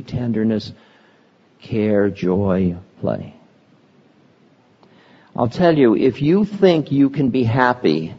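An older man giving a slow, meditative spiritual talk, pausing between words, recorded lo-fi in a reverberant hall. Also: fairly low pitch, husky. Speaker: spiritual teacher.

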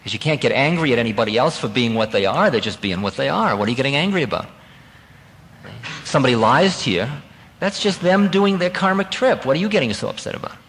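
A man giving a spiritual talk, telling a personal story in a lively, conversational way and laughing at himself now and then. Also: mid-range voice, quick pace, long reverb tail, slight background noise, low-quality recording. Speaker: spiritual teacher.

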